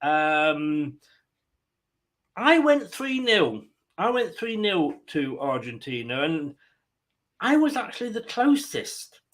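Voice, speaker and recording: A man's voice: a little high, big pitch swings, takes it slowly, pauses often, fairly bright tone. Chatty man hosting a stream. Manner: chatty, rambling, jokey asides. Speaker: fan channel host. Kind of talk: casual live-stream chat.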